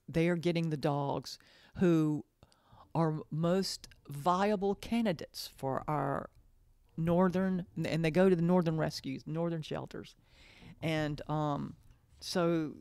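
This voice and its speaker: A woman's voice: sits low, a little mellow, no room sound, studio quality. A woman talking in a casual monologue, earnest and emotional, often repeating herself and restarting her sentences. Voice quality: halting, repeats phrases, trails off and restarts. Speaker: podcast host.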